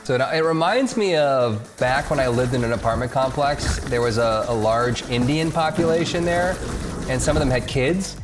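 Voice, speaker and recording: A man's voice: mid-range voice, moderate pace. Rambling game streamer man over music. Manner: rambling, joking, reads chat aloud. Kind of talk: casual live-stream chat.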